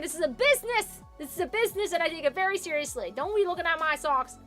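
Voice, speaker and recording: A young woman chats on a live stream, thanking viewers and trailing off into fillers and humming. Her voice sits high and sounds bright and sharp, with soft music under it. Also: expressive, fast. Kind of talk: casual live-stream chat.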